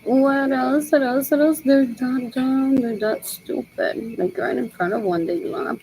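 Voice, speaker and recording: Gravelly woman muttering a slow monologue. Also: high voice, mellow, a little hiss or hum, poor audio. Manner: repetitive, muttering to herself. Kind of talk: rambling solo monologue.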